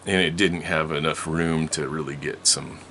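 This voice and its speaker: Man with a low, gravelly voice. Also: fairly even intonation, moderate pace, sharp tone, slight background noise. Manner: rambling, laughs often, many restarts. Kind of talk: casual storytelling.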